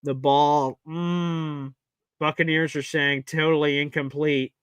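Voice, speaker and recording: A man hosts a live sports watch-party stream, calling the plays himself like a devoted fan. His voice sits a little high, and he moves from anxious muttering to loud cheering. The sound is dry and close, with no room around it. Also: little pitch movement, slow pace, clean tone, no room sound, dull audio. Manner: emotional, swings from nervous muttering to loud cheering. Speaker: live stream host giving play-by-play.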